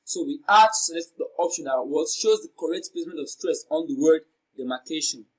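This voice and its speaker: Exam tutor, male, fairly high voice, deliberate and methodical, drills words by repeating them slowly. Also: rough recording. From Nigeria. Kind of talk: lesson on exam questions.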